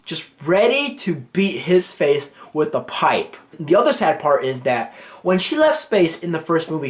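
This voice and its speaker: Casual, profane male movie reviewer. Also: on the high side. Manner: casual and profane, acting out scenes.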